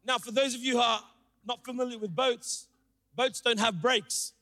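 A young man preaching a sermon, telling a story with animated, acted-out quotes. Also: moderate pace. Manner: animated, acts out quotes with big pitch jumps. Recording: long hall reverb.

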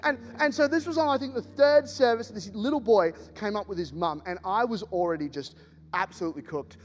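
A man preaching a sermon, telling stories in an animated, joking way. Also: high-pitched, brisk. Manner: animated, jokey storytelling with laughs. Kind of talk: storytelling sermon. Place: church hall. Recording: reverberant hall, faint music.

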